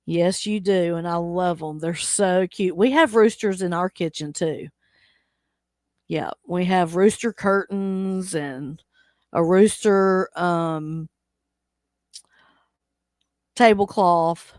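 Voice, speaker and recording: Slow, chatty woman hosting a live stream. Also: on the low side, darkish tone, no echo, clean studio sound. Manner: chatty and teasing, reads chat aloud and laughs often. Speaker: livestream host. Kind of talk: casual live chat with viewers.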